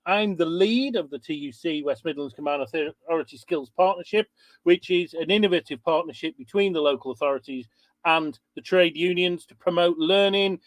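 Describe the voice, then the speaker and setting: A man's voice: high voice, no echo. A man hosting an online webinar over a video call, chatty and informal as he greets attendees. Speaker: webinar host.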